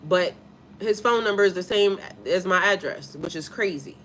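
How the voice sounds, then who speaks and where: With a mid-range, fairly bright voice at a moderate pace, this woman, a spiritual life coach and mother, swears heavily and speaks bluntly and emphatically on a casual live stream. She pauses to read comments from viewers, and slight background noise is audible.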